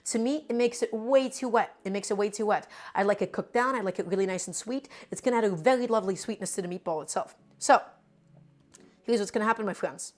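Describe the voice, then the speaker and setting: Cooking on a live stream, this woman explains each step while chatting straight to her audience, whom she often calls "my friends." She has a New York accent and a fast, mid-range voice, keeping the demonstration casual.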